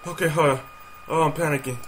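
A man's voice: a little high, steady tone, fast, a bit bright. A young man commenting on a horror game as he plays, nervous and jumpy, swearing often. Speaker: gaming youtuber. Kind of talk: let's play commentary.

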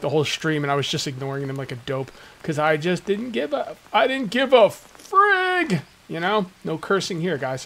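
A man with a fairly high voice talks through his gameplay in loose, jokey commentary. He rants to his viewers and slips into little mock voices as he goes. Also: a bit bright. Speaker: gaming YouTuber. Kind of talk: casual let's-play commentary.

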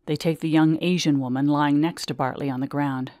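A woman reading her own memoir aloud in measured, vivid first-person storytelling. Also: deep voice, steady tone, a little mellow, no room sound, clean studio sound.

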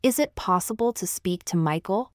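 Brief: woman, smooth resonant voice, dry close sound, careful phrase-by-phrase reading for a language lesson. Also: mid-range voice, animated, moderate pace, no echo. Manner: repeats each phrase twice, evenly. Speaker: English phrase speaker. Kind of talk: slow, clear phrase reading for learners.

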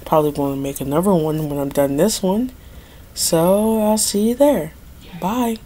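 A young woman with a low, dark-toned voice gives casual gameplay commentary at a normal speed. Dramatic and pleading, she complains that luck is against her, as a gaming video creator.

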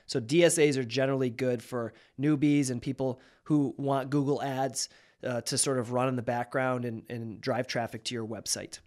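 Nasal, slightly raspy man explaining ads. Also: medium pitch, normal speed. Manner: energetic, conversational, with fillers. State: nasal and a little raspy after illness. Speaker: marketing agency founder, host. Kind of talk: direct-to-camera explainer.

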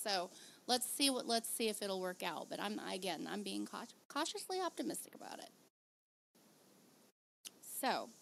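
A woman's voice: mid-range voice, gravelly, slight background noise. Chatty woman podcast host. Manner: chatty, animated, quick laughs. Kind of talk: casual chat.

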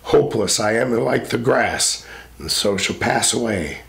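A wistful young female spirit lamenting her fate in a poetry recitation, with a man reading her lines. The voice stays a mid-range, gravelly tone, lyrical and lamenting. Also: mid-range voice, lively intonation, a little slow, a bit bright, pitched below the performer's own voice. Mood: mournful.

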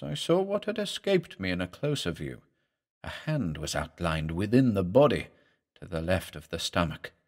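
A man narrating a horror story as a doctor's journal, reading in a grave, dramatic manner. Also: on the low side.

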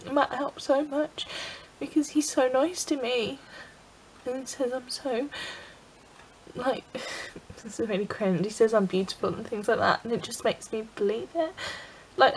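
A young woman from England opens up in a confessional vlog, her voice sitting high and catching in a gravelly fry. She sounds tearful and keeps reaching for "like" as she talks. A faint hiss runs under the recording. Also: rough recording. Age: young adult. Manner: emotional, tearful, frequent "like" fillers. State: crying. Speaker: vlogger.

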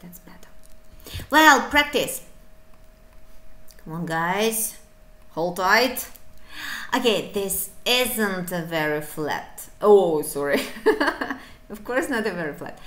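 A woman's voice: medium pitch, very animated, takes it slowly, pauses often, sharp tone, reverberant. A woman teaching a beginner English lesson, encouraging and playful, breaking into little asides. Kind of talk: online language lesson.

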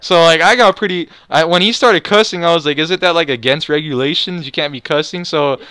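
A young man with a bright, clear voice tells a rambling, profane story in casual chat. He keeps restarting his sentences as he piles on details. The sound is close and dry, with no room around it. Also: fairly high pitch, fairly quick, dry recording. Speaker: storyteller, channel host.

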